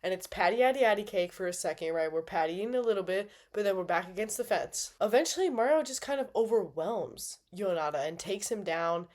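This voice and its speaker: A woman's voice: medium pitch, expressive, brisk, few pauses, a little mellow. A woman giving a casual, playful recap of a fight night, bubbly and dramatic, with slangy asides. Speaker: MMA fan reviewer.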